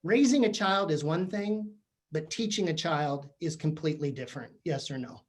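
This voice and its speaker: A man giving a comedic motivational talk to teachers, animated and jokey, often asking the audience questions. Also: fairly high pitch, moderate pace. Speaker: keynote speaker for teachers. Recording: virtual session.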